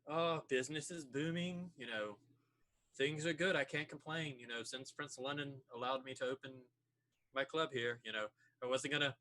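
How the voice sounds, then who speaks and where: A man voicing a friendly male vampire nightclub owner with an easygoing, drawn-out charm. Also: medium pitch, sharp tone, natural voice. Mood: sociable. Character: male vampire club owner, smooth and affable.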